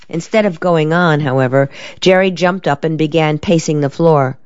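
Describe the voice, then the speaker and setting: A woman narrating a novel in a measured, steady storytelling manner. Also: sits low, smooth, dry recording. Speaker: audiobook narrator. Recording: dull, lo-fi dry recording.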